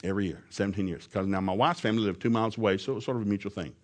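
Folksy, laughing middle-aged preacher. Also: male voice, on the low side, very fast. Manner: folksy, humorous, storytelling, laughs often. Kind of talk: sermon.

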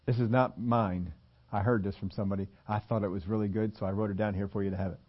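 A man's voice: lowish voice, steady tone, fast talker, lo-fi sound. A man preaching a sermon in a conversational way, slipping into the voices of the people he quotes. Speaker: pastor.

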